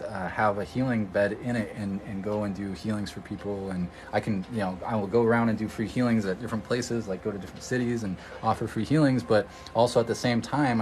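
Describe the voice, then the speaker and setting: A man's voice: on the low side, darkish tone, a little hiss or hum, low-quality recording. A man from Oregon, an energy healer, chatting casually on a livestream, rambling and answering viewer comments. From Oregon, USA.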